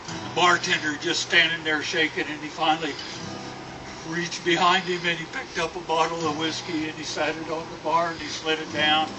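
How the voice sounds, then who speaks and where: A man slowly telling a long cowboy joke as a storyteller. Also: a little high, level tone, distant mic, music in the background, rough recording. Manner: slow, drawn-out storytelling. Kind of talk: telling a tall-tale joke.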